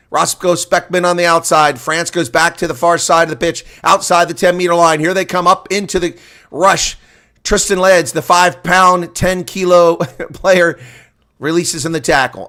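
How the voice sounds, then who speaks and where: A man giving live play-by-play rugby commentary, talking fast through the action, chatting with viewers and shouting on big plays. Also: on the high side, fairly even intonation.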